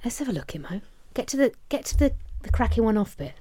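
Shrieking, animated woman. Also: a little high, fast, slightly rough. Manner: expressive, shrieking in disgust and laughing. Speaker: podcast co-host. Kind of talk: casual chat.

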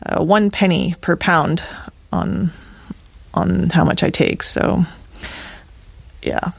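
A woman's voice: lowish voice, fairly even intonation, slow pace, creaky, slightly rough, no room sound. A woman who harvests seaweed and forages, chatting in a rambling way with many restarts and fillers. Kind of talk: casual conversation.

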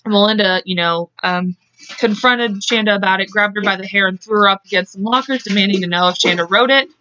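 A woman's voice: medium pitch, brisk, pushed and bright, no echo. Woman swearing her way through a true crime story, dry dull podcast sound. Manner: profane, chatty, laughs and goes off on tangents. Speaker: podcast co-host. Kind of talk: casual true-crime chat.

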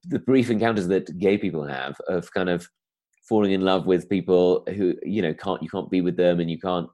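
A man's voice: sits low, moderate pace, dark tone. A man, a comedian, chatting casually in a rambling way, full of fillers and restarts. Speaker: comedian guest. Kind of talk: casual conversation.

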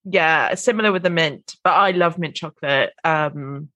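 A woman co-hosting a podcast, talking in a relaxed, conversational way. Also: low-pitched, normal speed, no room sound. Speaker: podcast co-host. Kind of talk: casual chat.

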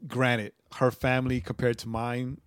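A man's voice: medium pitch, completely flat delivery, measured pace, smooth, dry recording, studio quality. A man co-hosting a podcast, laid-back and laughing easily in casual chat. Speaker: podcast co-host.

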